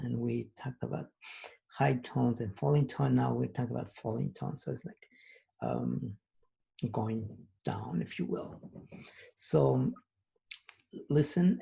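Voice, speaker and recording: A man's voice: mid-range voice, vocal fry, mellow, breathy edge. A man teaching a recorded language lesson, patiently explaining sounds and repeating each example word twice. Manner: patient, explains slowly with many pauses and fillers.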